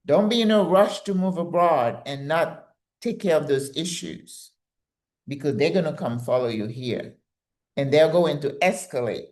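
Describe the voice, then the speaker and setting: A woman's voice: low-pitched, lively intonation, unhurried, a little mellow. An older woman hosting her channel, giving direct, emphatic, motivational advice.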